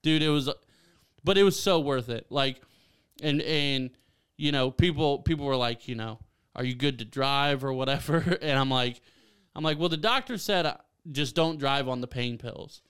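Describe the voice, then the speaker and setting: A young man from Ohio co-hosting a podcast, chatting casually and excitably, laughing often and saying dude and man a lot. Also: medium pitch, moderate pace, clean tone. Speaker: podcast co-host. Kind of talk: casual chat.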